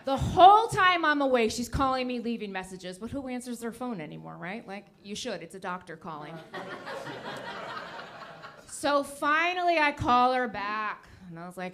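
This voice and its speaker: A woman's voice: a little high, big pitch swings, moderate pace, fairly bright tone. A woman in her fifties doing a stand-up comedy set, teasing the crowd and laughing at her own jokes. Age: 50s.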